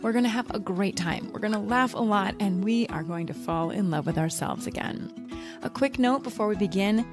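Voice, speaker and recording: A woman hosting a podcast in casual chat, an animated storyteller who acts out voices and laughs often. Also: mid-range voice. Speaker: podcast host.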